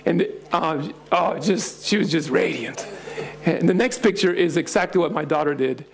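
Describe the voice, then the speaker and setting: A middle-aged male pastor tells a story in a sermon to young adults, animated and laughing as he acts out voices. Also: a little high, normal speed, vocal fry.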